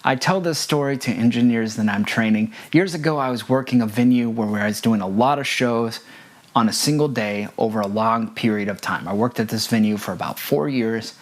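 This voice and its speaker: A man's voice: mid-range voice, a little fast. Earnest man teaching sound engineers. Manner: earnest, emphatic, repeats key points. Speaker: front of house audio engineer. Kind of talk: instructional talk with personal stories.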